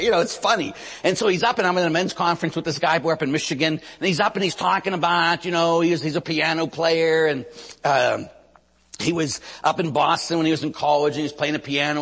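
Husky priest preaching in a reverberant hall. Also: male voice, a little high, a bit bright. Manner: storytelling, acts out quotes, asks the audience "Huh?". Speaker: Catholic priest. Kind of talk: preaching sermon.

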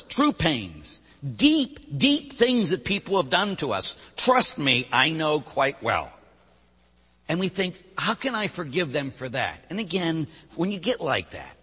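A man, a Catholic priest preaching a sermon, swinging between loud bursts and hushed drops. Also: on the high side, breathy edge. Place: church. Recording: long church reverb.

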